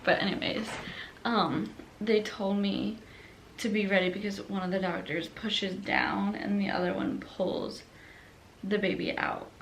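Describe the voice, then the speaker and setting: Young woman, gravelly voice, medium pitch, chatty home vlog, faint background hiss. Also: steady tone, unhurried. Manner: chatty, laughs often, says like a lot. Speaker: vlogger telling her birth story. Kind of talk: casual chat. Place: home at night.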